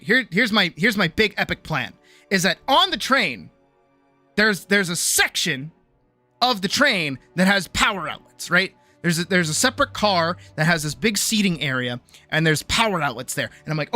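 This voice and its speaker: A woman streamer casually telling a story, animated and exasperated, swearing freely and acting out the people she talks about. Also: on the low side, brisk. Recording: faint music behind.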